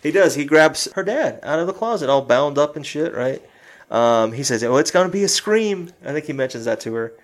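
A man's voice: mid-range voice, brisk. A man chatting casually about a film's final scene, acting out the characters' lines, swearing and laughing as he goes. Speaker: podcast co-host recapping a film. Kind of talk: casual chat.

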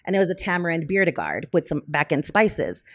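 A woman with a somewhat low voice tells a story in a podcast interview. She talks casually with lots of fillers and restarts. She jumps up in pitch whenever she acts out what other people said. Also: fairly quick. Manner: lively, acts out quoted dialogue in higher voices; frequent fillers, self-corrections. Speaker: brewery owner, podcast guest.

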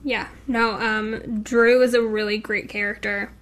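A woman co-hosting a casual chat about a TV episode, speaking slowly and often answering with short agreeing replies. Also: a little high, level tone, a bit bright. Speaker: podcast co-host.

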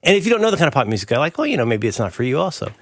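A man's voice: medium pitch, big pitch swings, rapid-fire, dry recording, clean studio sound. A middle-aged man riffing playfully as a podcast co-host in casual chat.

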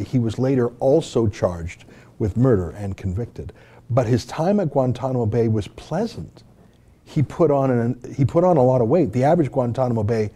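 A man's voice: medium pitch, mellow. A man from Canada hosting and giving an opinionated, indignant commentary, with rhetorical questions. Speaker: host and commentator.

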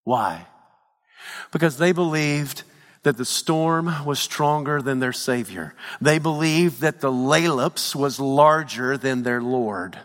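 A man preaching a sermon in a church, swinging between shouted peaks and hushed low lines. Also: takes it slowly, in a large hall. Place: church sanctuary.

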